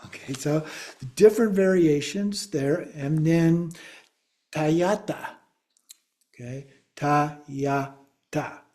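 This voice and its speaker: A middle-aged man lectures a class in an unhurried, measured way. His voice is mellow and a little high for a man, and he patiently spells words out letter by letter. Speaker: Buddhist teacher.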